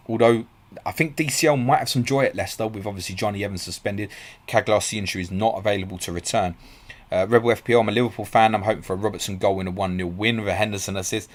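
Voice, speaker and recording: A man hosting a live stream, reading out viewer questions and answering them quickly and bluntly. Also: fairly low pitch. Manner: fast, blunt and matey, calls viewers mate. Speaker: podcast host.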